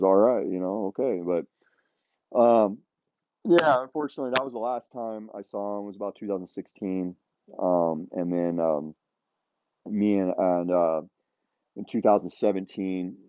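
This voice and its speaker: A man's voice: deep voice, normal speed, no echo. A middle-aged man telling a personal story in a casual podcast chat, rambling with many restarts and "you know.". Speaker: podcast guest. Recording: tinny phone-like line, dry.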